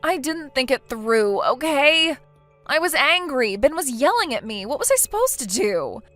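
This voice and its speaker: Tts woman doing a whiny clueless young wife, hesitant and pleading, slightly high voice. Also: very animated, normal speed, a bit bright, dry recording, faint music behind. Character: self-pitying young wife, whiny and naive. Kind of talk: text-to-speech text story narration.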